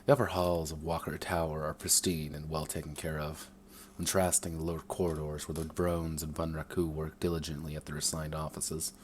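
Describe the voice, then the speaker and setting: A man's voice: rumbling low, level tone, a little fast, slight background noise. A man reading his own first-person story aloud, sometimes stumbling and rereading phrases.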